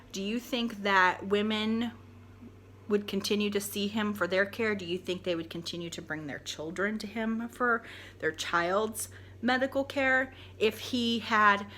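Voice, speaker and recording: A woman's voice: medium pitch, pushed and bright, a little hiss or hum. A woman paranormal investigator talking straight to camera in a blunt, exasperated, lecturing rant.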